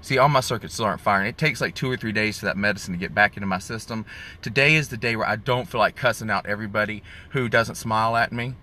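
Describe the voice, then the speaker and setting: A man's voice: fairly low pitch, fast, bright, forceful tone, a little hiss or hum. A man chatting sassily to viewers on a phone live stream from his car. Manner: chatty, sassy, calls viewers y'all and honey. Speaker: vlogger doing a live stream. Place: in a car in the rain.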